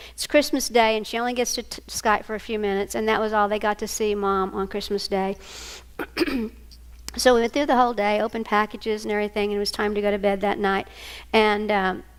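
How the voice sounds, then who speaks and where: A woman's voice: medium pitch, clean tone. An older woman with a Southern American accent giving a workshop talk, telling family stories and acting out the voices in them. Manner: animated, acts out voices in her stories. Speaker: workshop speaker. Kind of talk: storytelling lecture.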